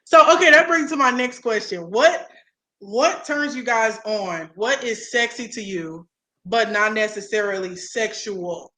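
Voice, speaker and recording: A bright, clear-toned young woman hosts a loose, casual chat. She rambles happily, reads out viewer comments, and trails off mid-thought. Her voice rings around a roomy, echoey space. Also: a little high, a little slow. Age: young adult. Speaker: host.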